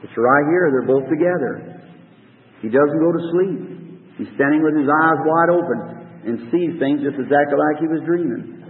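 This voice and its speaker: A man's voice: on the high side, moderate pace. A man preaching an old-time revival sermon in a folksy, rambling, earnest way with rural grammar. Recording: tinny distant recording with long hall reverb.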